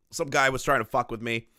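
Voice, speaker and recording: A man's voice: mid-range voice, pushed and bright, no room sound. A man hosting a reaction commentary, ranting, swearing and laughing often, his voice strained. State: strained voice, not back to normal. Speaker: commentary host.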